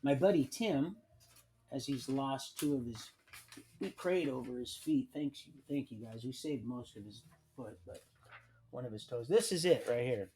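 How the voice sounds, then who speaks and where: Male streamer, mid-pitched, halting and rambling, reads documents aloud with dry asides. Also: dark tone. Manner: halting, many restarts and trailing sentences. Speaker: livestream host. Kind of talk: rambling personal storytelling.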